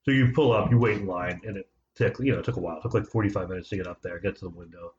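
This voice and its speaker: A man's voice: low-pitched, very fast. A man co-hosting a casual podcast, telling a long story and mimicking the people in it. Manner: animated storyteller, mimics voices in anecdotes. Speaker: podcast co-host. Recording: echoey room, slightly dull sound, faint noise.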